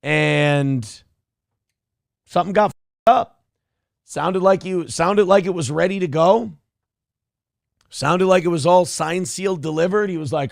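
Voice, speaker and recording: A man's voice: fairly high pitch, measured pace, gravelly, long pauses, no echo, clean studio sound. A man hosting a casual commentary show, sarcastic, crude and rambling as he talks. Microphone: wears headphones.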